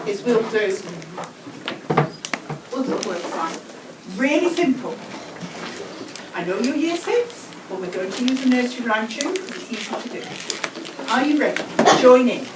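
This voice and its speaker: Recorded from afar in an echoey classroom full of clear background noise, a brisk, animated English woman teaches a school class. Her voice is fairly high, and in this whole-class demonstration she stretches key words out slowly for the children.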